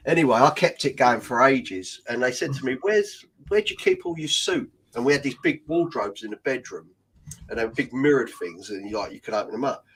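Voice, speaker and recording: A middle-aged British man telling funny stories in casual chat. He talks in an animated way, laughs as he goes and swears freely. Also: mid-range voice, fairly quick, slightly rough, low-quality recording. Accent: British English.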